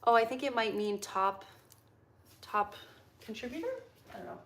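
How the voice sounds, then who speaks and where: With a fairly high voice at a moderate pace, a young woman runs a livestream from her home kitchen, cooking, chatting casually with viewers and reading chat questions aloud.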